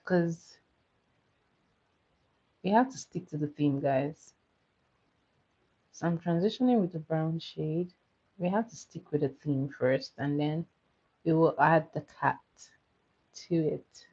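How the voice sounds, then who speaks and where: A woman's voice: sits low, slow pace, long pauses, dark tone, lo-fi sound. A woman chatting casually on a livestream while doing her makeup, reading viewer comments and running playful votes.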